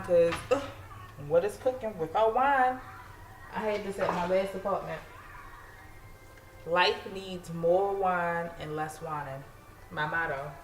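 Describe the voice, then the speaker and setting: A home cooking vlogger from Maryland talks straight to camera as she cooks, chatting casually and joking at her own expense in a relaxed way. Her pitch is medium, and the echoey home kitchen carries steady background noise.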